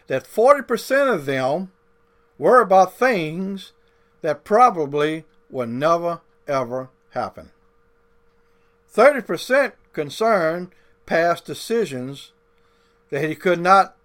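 A man's voice: fairly high pitch, sing-song, fairly bright tone. A male pastor delivering a sermon, drawing out key words and repeating points, with folksy grammar. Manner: deliberate, drawn-out emphasis with folksy grammar.

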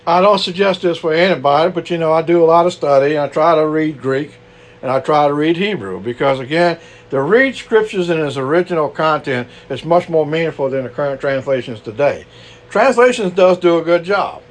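A man with a Cajun accent preaching a conversational sermon, full of asides and rhetorical questions. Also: fairly high pitch. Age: older. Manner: conversational, frequent "you know", rhetorical questions.

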